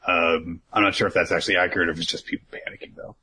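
A man's voice: low-pitched, little pitch movement, rapid-fire, pushed and bright, breathy edge, low-quality recording. A man co-hosting a podcast, casually recapping an episode in a rambling way, with lots of fillers and freely dropped swear words. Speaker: podcast co-host.

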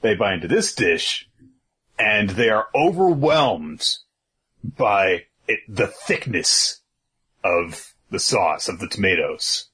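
Man, husky voice, slow pace, animated pitch, casual podcast co-host, rambling with fillers. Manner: laid-back, rambling with many fillers and chuckles. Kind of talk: casual podcast recap chat.

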